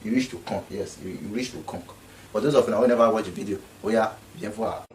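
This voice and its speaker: A man's voice: on the low side, quick pace, recorded from a distance, a little hiss or hum, low-quality recording. A man speaking Nigerian Pidgin English, giving an indignant, repetitive casual commentary. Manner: indignant, repeats himself.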